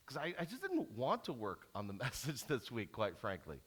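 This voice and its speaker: Male pastor, middle-aged, lively storytelling sermon, bright forceful tone, frequent restarts. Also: mid-range voice, moderate pace, few pauses, husky. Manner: animated storytelling with many restarts.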